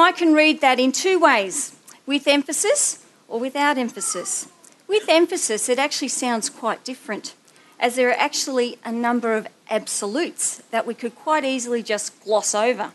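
A woman delivers a sermon from the front of a church gathering. Her voice sits high and she tells stories with lively expression, slipping into other voices, then settles into scripture reading. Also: normal speed. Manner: animated storytelling, acting out a child's voice. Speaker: preacher.

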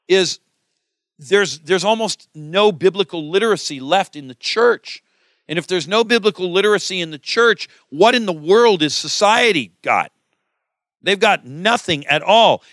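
A middle-aged man delivers a sermon with emphatic, questioning force. His voice sits a bit high for a man and rings bright and crisp. The sound is dry and close. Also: dry recording. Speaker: preacher.

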